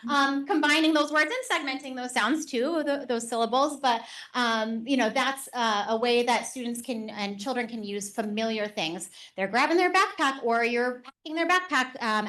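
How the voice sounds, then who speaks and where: A woman teacher presents a live workshop to parents and educators, her voice sitting a little high. She talks in a lively, chatty way, often pausing on "um" as she explains. Her audience is in the room with her. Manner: animated and conversational, with frequent "um" fillers.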